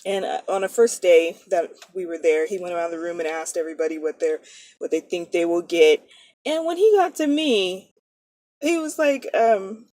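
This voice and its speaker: A woman's voice: lowish voice, expressive, normal speed, a little mellow, no echo. Woman in her 30s rambling on casually about school, keeps correcting herself. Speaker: nursing student vlogger. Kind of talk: casual chat.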